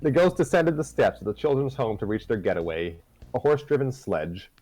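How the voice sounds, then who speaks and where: A man's voice: medium pitch, animated, fairly quick, a little mellow, dry recording, rough recording. A man hosting and reading a story aloud live, narrating conversationally with self-corrections. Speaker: story reader and host.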